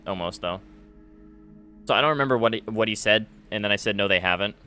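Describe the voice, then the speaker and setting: A man gives gaming commentary straight to his audience in a ranting, aggrieved tone. His voice is bright and forceful, with a smooth, clean sound. It sits a little low in pitch. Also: fast talker, soft background music. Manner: aggrieved, ranting, many fillers. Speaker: gaming YouTuber. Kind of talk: commentary to camera. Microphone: face cam setup.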